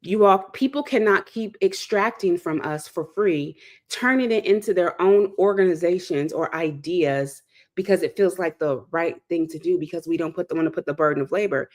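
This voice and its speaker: A woman's voice: fairly low pitch, moderate pace. A woman from the South Side of Chicago, hosting and speaking in an impassioned monologue with an emphatic, preacher-like delivery that repeats key phrases. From South Side of Chicago, USA. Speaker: host and speaker.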